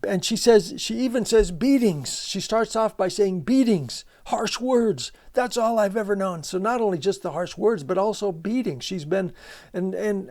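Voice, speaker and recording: Earnest gravelly man lecturing on literature. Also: sits high, a little mellow. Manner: earnest, emphatic, rhetorical questions, many restarts.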